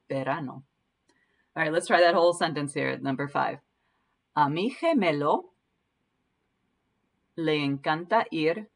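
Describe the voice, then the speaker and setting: A woman teaching Spanish pronunciation in a patient way, slowly repeating each word to demonstrate it. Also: deep voice, vocal fry. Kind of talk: language lesson.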